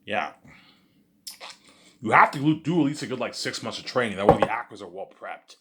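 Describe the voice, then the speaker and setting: A man's voice: mid-range voice, lively intonation, normal speed, very noisy. A man talking in a rambling monologue, full of repeated words and filler phrases. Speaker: vlogger.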